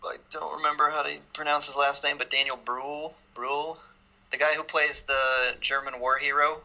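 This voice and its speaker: A man co-hosting a casual film podcast, laid-back, acting out scenes in high goofy voices. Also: flat delivery, normal speed, sharp tone, low-quality recording. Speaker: podcast co-host.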